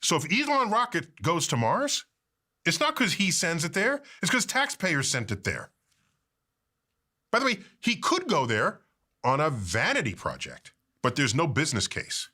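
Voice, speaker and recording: Bright forceful guy explaining stuff, voice swings all over, quizzes his interviewer. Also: a little high, normal speed. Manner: animated, quizzes the host.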